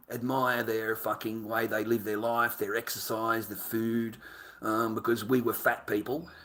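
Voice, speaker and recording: An Australian man rambling through an anecdote, swearing freely and calling the listener "mate" often. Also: mid-range voice. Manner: profane, excitable storyteller who says "mate" a lot. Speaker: vlogger.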